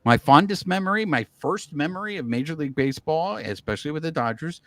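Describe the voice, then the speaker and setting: A man's voice: a little high, lively intonation, fast talker, no room sound. A man co-hosting a casual baseball podcast, talking with heated, fired-up opinions. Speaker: podcast co-host. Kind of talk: casual sports chat.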